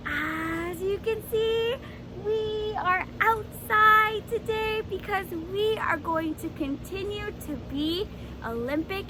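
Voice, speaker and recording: A Canadian woman leading a children's program outdoors, singing hello songs and giving slow, clear, encouraging instructions for toddlers. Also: very high-pitched, background noise. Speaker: early years program facilitator. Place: outdoors in a backyard.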